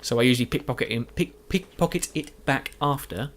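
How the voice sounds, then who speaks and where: This gaming YouTuber's medium-pitched voice moves a little fast over a faint hiss or hum in the recording. Tired and yawning late at night, he adds commentary to video game footage after the fact. He rambles and mocks himself, restarting often and leaning on fillers.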